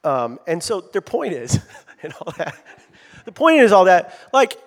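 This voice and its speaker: Lively conversational male pastor, fairly high voice. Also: unhurried. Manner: lively, conversational preaching with asides to the congregation. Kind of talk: sermon.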